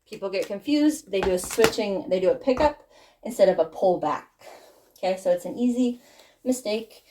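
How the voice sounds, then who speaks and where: A woman's voice: mid-range voice, animated, moderate pace, noisy background. Breathless woman teaching tap steps. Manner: friendly, encouraging, laughs at her own slips. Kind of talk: instructional tutorial, counting steps aloud. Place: dance studio. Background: tap shoe clicks.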